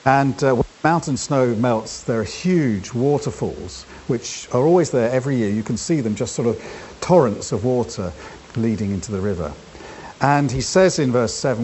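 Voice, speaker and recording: Unhurried male preacher, faint hiss. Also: mid-range voice, lively intonation, darkish tone. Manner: unhurried, thoughtful, with many fillers and restarts. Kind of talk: sermon.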